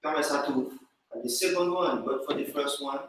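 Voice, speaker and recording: A man's voice: a little high, a little fast, a bit bright. Distant male student asking politely. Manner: polite, says "sir", hesitant. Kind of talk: question in class. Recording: distant, echoey room with faint noise.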